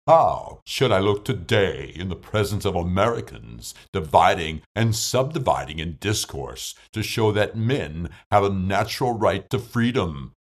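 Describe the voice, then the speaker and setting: A man voicing a stern nineteenth-century abolitionist orator with a New England accent, declaiming slowly and solemnly. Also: sits low, animated, exaggerated voice.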